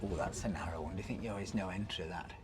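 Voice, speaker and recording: This vlog host has a deep voice and talks fast over background noise. Behind the wheel of a small electric car on village streets, he keeps up casual, enthusiastic travel chatter about the views around him.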